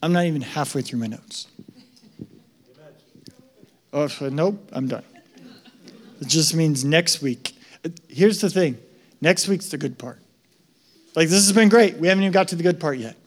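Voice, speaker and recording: A male pastor preaching a sermon in a conversational, emphatic way that rises to loud excitement. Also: a little high, moderate pace, long pauses.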